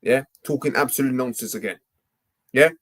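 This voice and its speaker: With background noise behind him, a young man speaks in a medium pitch at a moderate pace while hosting a football stream. His rant is heated, and "yeah?" and "mate" punctuate nearly every phrase.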